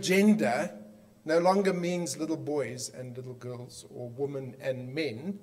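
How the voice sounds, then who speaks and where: A man's voice: mid-range voice, darkish tone. Impassioned South African man speaking. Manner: emphatic, with rhetorical questions and dramatic pauses. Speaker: conference speaker. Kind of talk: impassioned public speech.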